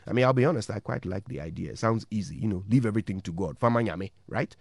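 A man's voice: fairly low pitch, fast talker, vocal fry, dry recording. A man with a Ghanaian accent giving a motivational radio talk as a morning show host, telling a story and asking rhetorical questions.

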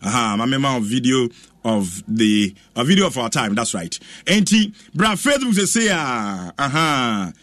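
Animated Ghanaian man, dry voice. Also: mid-range voice, moderate pace, no room sound. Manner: animated, exclaims and chants, mixes English with Twi. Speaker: radio presenter. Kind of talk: lively radio chat reacting to videos.

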